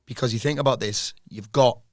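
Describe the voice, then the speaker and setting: A man's voice: medium pitch, fairly quick, dry recording, clean studio sound. A man mentoring a business client in a casual interview, blunt, swearing freely and laughing often.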